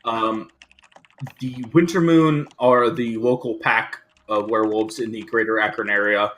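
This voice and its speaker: Male game master narrating a tabletop game; bright voice, halting delivery. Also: on the low side, steady tone, a little hiss or hum. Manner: halting, many fillers.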